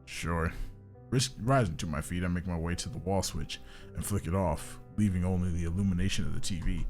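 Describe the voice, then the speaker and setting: A young man playing through a visual novel, reading its narration and reacting with animated, exasperated comments. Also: low voice, fast, faint music behind. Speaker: gaming YouTuber. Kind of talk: let's play, reading a visual novel aloud.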